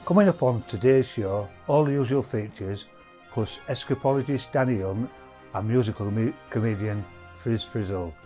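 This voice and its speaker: A man putting on a deep impression of his middle-aged dad, announcing the coming show in a flat, gruff way. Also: moderate pace, soft background music, natural voice. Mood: cheerful. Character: comedian's middle-aged dad, plain and cheerful.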